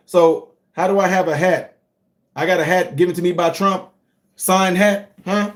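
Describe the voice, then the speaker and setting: A middle-aged man hosting a casual livestream, talking straight to his viewers and swinging from low asides to loud outbursts. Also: normal speed. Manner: animated, talks straight to viewers, swings from low to high shouts. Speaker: livestream host.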